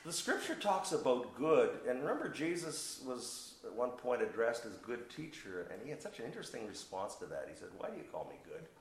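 A man's voice: mid-range voice, sing-song, a little fast, few pauses, reverberant, a little hiss or hum, low-quality recording. A man preaching a sermon, teaching verse by verse with emphatic, playful asides and questions to the congregation. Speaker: pastor.

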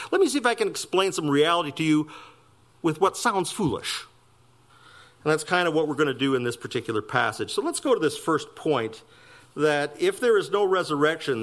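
A man preaching a sermon, emphatic with wry asides. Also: fairly bright tone. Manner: emphatic preaching with wide swings of pitch and pace, wry asides. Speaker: pastor.

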